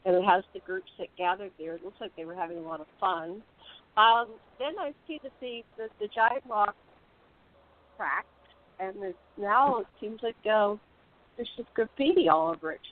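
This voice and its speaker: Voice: mid-range voice, animated, moderate pace. A show host asking a guest questions in a casual, encouraging way. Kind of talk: casual interview. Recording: tinny phone line.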